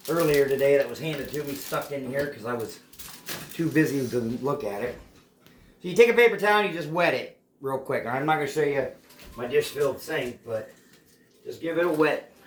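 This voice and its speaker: A man's voice: medium pitch, a little hiss or hum. A man hosting a casual cooking demonstration at home, chatty and playful. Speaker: cooking show host. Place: home kitchen. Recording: echoey home kitchen.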